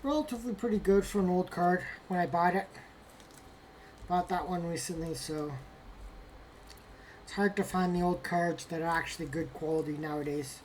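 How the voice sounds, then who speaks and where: A woman's voice: fairly low pitch, moderate pace, long pauses, a little mellow, slight background noise. A woman casually narrating as she opens graded trading cards, talking to herself and lamenting bad results with mock drama. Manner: talks to herself while handling cards. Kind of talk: casual unboxing commentary.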